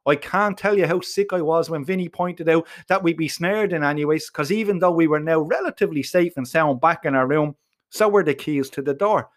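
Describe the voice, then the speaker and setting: A man with an Irish accent telling a comic first-person story in a profane, colloquial and animated way. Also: on the high side, brisk. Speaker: narrator.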